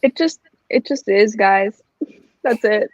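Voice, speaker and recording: A woman's voice: mid-range voice, slow pace, dry recording, muffled recording. A woman speaking in a playful, breezy way as a panelist in a casual online debate over a video call.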